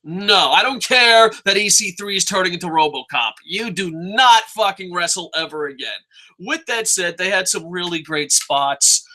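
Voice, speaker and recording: A man hosting a wrestling review show, ranting casually with lots of swearing and occasional shouting. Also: sits high, moderate pace, low-quality recording. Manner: excitable, profane, shouts at times.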